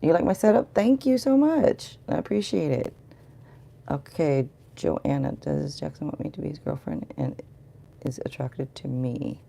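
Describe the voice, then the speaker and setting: A woman's voice: low voice, unhurried, creaky, warm tone, a little hiss or hum. A middle-aged woman giving a rambling, chatty live tarot reading and talking to viewers in the chat. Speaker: tarot reader.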